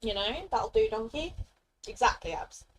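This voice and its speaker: Her voice is a little high, with lively intonation at a normal speed, as this young woman chats casually with viewers during a game stream. She laughs frequently and briefly drops into playful character voices. Poor audio carries slight background noise.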